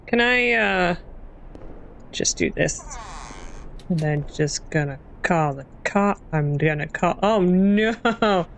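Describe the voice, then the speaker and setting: A woman's voice: fairly low pitch, animated, slow, gravelly. A young woman casually commenting on a horror game as she plays, jumpy and self-mocking. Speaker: gaming channel host.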